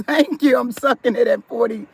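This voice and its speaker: A woman's voice: on the high side, normal speed, gravelly, slightly rough, no room sound. A woman hosting a live stream, chatting casually with viewers and reading their comments aloud, firm about respect in her chat. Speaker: livestream host.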